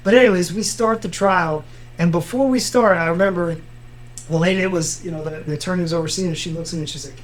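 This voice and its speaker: A man's voice: fairly high pitch, fast, a little hiss or hum, poor audio. A man with a Miami accent, a lawyer and podcast co-host, telling courtroom stories in a casual chat. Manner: animated storyteller, acts out quotes.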